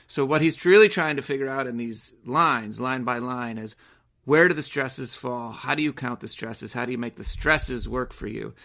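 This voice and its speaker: A man's voice: mid-range voice, normal speed, bright, forceful tone. A man co-hosting a podcast, discussing a poem in a reflective way and often restarting his phrases. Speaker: podcast co-host. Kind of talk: casual poetry discussion.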